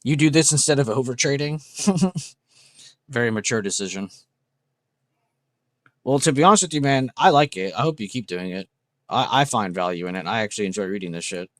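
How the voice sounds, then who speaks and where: A man's voice: medium pitch, animated, moderate pace, pauses often, fairly bright tone, no room sound. A young man hosting a trading livestream, chatting casually and enthusiastically with viewers, swearing freely. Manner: casual, profane, enthusiastic, reacting to chat.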